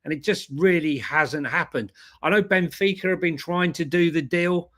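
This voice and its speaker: A man's voice: fairly high pitch, moderate pace, fairly bright tone. A man co-hosting an online football news show, chatting casually and laughing easily. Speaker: co-host.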